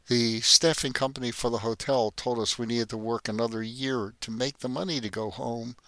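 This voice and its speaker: A man voicing a guarded, sharp-witted young woman working as a hotel maid. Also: medium pitch, fairly even intonation, normal speed, no echo. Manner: polite, composed, quietly defiant.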